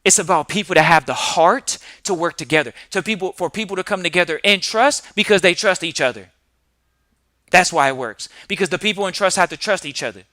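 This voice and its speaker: Forceful, emphatic male podcast host. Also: high-pitched, fairly quick, dry recording, studio quality. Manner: emphatic, fires rhetorical questions. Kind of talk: preachy podcast monologue.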